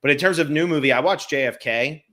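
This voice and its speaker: A man in his thirties co-hosting a casual film chat podcast, animated and blunt, swearing freely. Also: a little high, fast. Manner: animated, swearing, mocking impressions. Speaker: podcast co-host.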